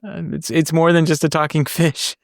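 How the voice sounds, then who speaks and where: A man hosting a casual tech podcast, excitable and laughing often as he reads things aloud. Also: a little high, normal speed, no room sound, clean studio sound. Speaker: podcast host.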